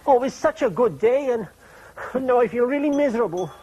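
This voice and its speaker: A man's voice: very high-pitched, warm tone, husky, highs cut off, exaggerated voice. A man voicing a fussy, anxious male fox photographer in a children's TV puppet play, who stammers when flustered.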